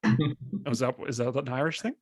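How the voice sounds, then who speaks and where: A man hosts a casual writers' podcast. He talks in an upbeat, joking way at an average pitch. The recording is close and dry. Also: moderate pace, no room sound. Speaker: podcast host.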